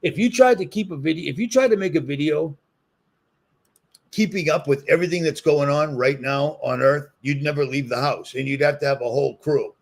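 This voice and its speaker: A man's voice: fairly high pitch, fairly quick, vocal fry. A man with a Boston accent, ranting heatedly in a solo commentary video and repeating his points for emphasis. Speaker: commentary vlogger.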